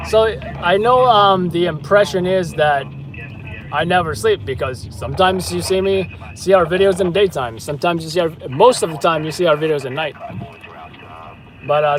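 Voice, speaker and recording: A man hosting a live news stream, chatting casually in a rambling, hesitant way with lots of fillers. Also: high voice.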